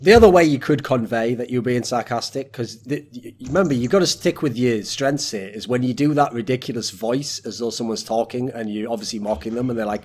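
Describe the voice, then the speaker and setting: A British man hosts a loose podcast conversation, teasing his guests and rambling with plenty of swearing. His voice sits at an ordinary middle pitch. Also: brisk, hardly any pauses, a little mellow. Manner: teasing, profane, rambling banter. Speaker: podcast host. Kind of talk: casual podcast chat.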